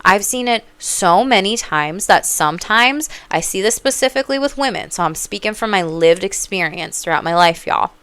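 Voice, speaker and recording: Blunt, sassy woman with a bright voice. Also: medium pitch, animated, normal speed, few pauses, smooth. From Minnesota. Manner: blunt, profane, sassy, bursts into loud emphatic outbursts. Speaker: psychic and life coach. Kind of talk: casual advice monologue.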